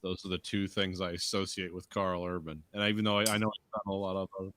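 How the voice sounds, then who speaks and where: A man's voice: low-pitched, flat delivery, fast, a bit bright, a little hiss or hum. A man co-hosting a podcast in casual chat, reeling off facts with hesitant fillers. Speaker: podcast co-host.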